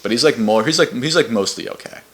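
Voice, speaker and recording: A man's voice: medium pitch, quick pace. A young man co-hosting a podcast, recapping a game's story in casual, rambling chat with lots of restarts and loose swearing. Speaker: podcast co-host.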